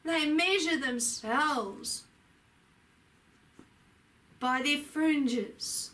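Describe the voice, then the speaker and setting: A woman delivers a channeled sermon in a high, bright voice. She speaks slowly and solemnly, lifting her voice for emphasis. She sits at some distance from the microphone. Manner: slow, solemn, preaching delivery with emphatic rises. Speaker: spiritual channel.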